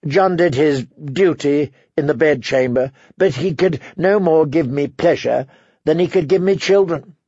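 Man doing a bitter noble aunt, self-pitying, sharp and prying, higher voice, dry dull audiobook sound. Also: unhurried, husky, dry recording.

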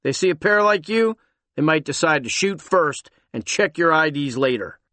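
A man reading aloud and voicing a gruff, impatient male police officer who is all business. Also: fairly high pitch, animated, normal speed, sharp tone, no echo, pitched above the performer's own voice.

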